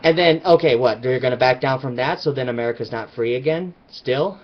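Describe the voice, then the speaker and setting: A man's voice: medium pitch, a little fast, hardly any pauses. Emphatic man ranting on a lo-fi mic. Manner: emphatic, rambling. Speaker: vlogger. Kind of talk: casual opinion rant to camera.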